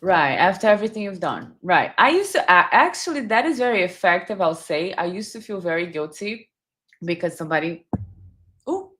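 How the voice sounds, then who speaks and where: A woman's voice: fairly low pitch, lively intonation, moderate pace, fairly bright tone. A woman hosting casual live true crime commentary, chatty and reading viewer comments aloud.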